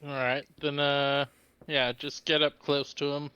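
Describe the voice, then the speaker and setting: Bright-voiced man, folksy player. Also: on the high side, little pitch movement, a little slow, smooth, dry recording, dull audio. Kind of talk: in-character tabletop play.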